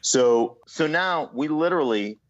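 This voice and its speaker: A man, a guest in an interview, telling an animated story with frequent "right?" asides and mimicked voices. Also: fairly high pitch, unhurried. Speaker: guest, former football player and entrepreneur. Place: remote from home city. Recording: slightly muffled lo-fi audio.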